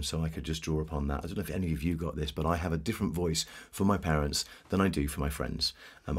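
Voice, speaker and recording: A man's voice: extremely low pitch, slightly rough. A man who works as a voice actor, chatting casually from his home studio and keen to slip into accents. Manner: chatty and eager to switch into accents. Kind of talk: casual chat about voice acting.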